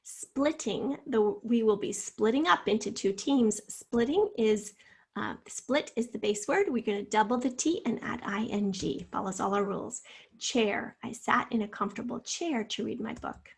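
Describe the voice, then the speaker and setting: A middle-aged woman teaches a spelling lesson in a somewhat high, husky voice. She says each word slowly and carefully, then puts it in an example sentence. Her delivery is patient and methodical.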